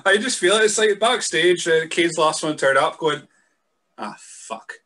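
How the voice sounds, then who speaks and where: A Scottish man hosting a podcast, chatting in a relaxed, hesitant way full of fillers. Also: a little high, normal speed. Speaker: podcast host. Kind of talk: casual podcast chat.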